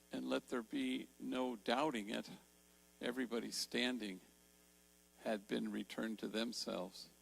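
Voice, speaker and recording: Gravelly older man telling a story. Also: medium pitch, low-quality recording. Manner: warm storytelling, slows for emphasis. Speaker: Jesuit priest and speaker. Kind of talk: storytelling talk. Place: large church.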